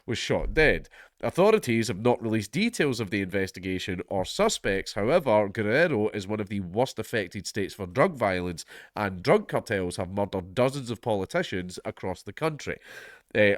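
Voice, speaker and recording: A man's voice: fairly low pitch, fairly bright tone, no echo, studio quality. A Scottish man with a blocked-up head cold, hosting his channel and reading a news article aloud while breaking off into sardonic, sweary asides. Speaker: commentary channel host.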